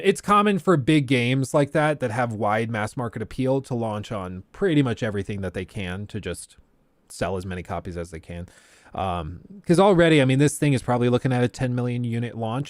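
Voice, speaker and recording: A man's voice: medium pitch, no room sound. A man from the United States hosting a casual livestream chat in a conversational way, with frequent fillers and restarts. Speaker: streamer host.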